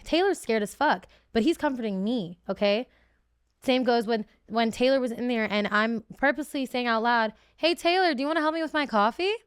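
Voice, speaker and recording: A woman's voice: a little high, smooth, no room sound, clean studio sound. A woman in her twenties, a guest telling her story in casual chat, emotional and full of fillers.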